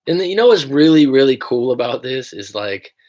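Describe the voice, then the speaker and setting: A man's voice: medium pitch, sing-song, brisk, warm tone. A young American man who coaches people through breakups, chatting casually and rambling on a livestream, swearing now and then. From United States.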